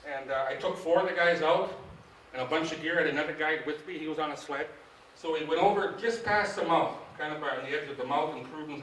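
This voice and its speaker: A middle-aged man, a fishing guide, telling stories to a club meeting in a folksy, animated way, acting out what people said. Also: fairly high pitch, a little hiss or hum. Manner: folksy, animated, acts out quoted dialogue. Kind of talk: casual storytelling to a club audience. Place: meeting hall. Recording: echoey room, distant mic.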